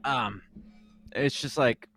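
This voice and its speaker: A man's voice: mid-range voice, slow pace, gravelly, a bit bright, faint music behind. A man co-hosting a news comedy podcast in casual chat, joking and rambling, laughing often.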